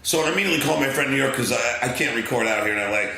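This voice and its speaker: A middle-aged man with a Long Island accent tells an excitable story as a podcast guest, acting out other people's voices and filling his speech with fillers and restarts. He talks very fast at a medium pitch with a creaky quality, and the rough recording carries heavy reverb.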